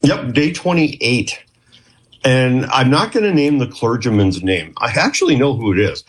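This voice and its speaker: Husky-voiced man telling stories. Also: mid-range voice, lively intonation, normal speed. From Canada. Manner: rambling, chatty, with frequent restarts and acted quotes. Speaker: guest, former clinician who worked with police. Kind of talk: storytelling interview.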